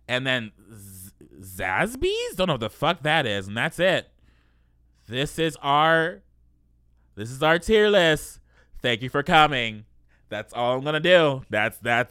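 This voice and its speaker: A man hosts a podcast in casual chat, brash, sassy and playful with constant swearing. His voice is bright and crisp and smooth. The recording is dry and close. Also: medium pitch, dry recording. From United States. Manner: loud, profane, sassy and playful. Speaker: podcast host.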